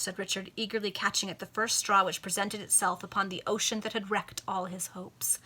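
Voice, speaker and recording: A woman reading an old novel aloud to friends over a video call, expressive and amused. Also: mid-range voice, a little fast, hardly any pauses, husky. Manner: amused, expressive storytelling with playful asides. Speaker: amateur reader.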